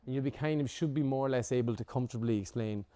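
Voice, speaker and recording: A man teaching a breathwork workshop to a group, casual and lively, swearing now and then and acting out examples. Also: mid-range voice, fast talker. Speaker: breathwork instructor.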